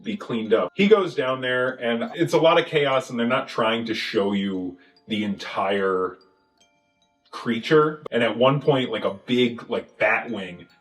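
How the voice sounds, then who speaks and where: A man casually recapping a movie with a co-host, animated and acting out scenes in funny voices. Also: mid-range voice, a little slow, echoey room, faint music behind, poor audio. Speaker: podcast host.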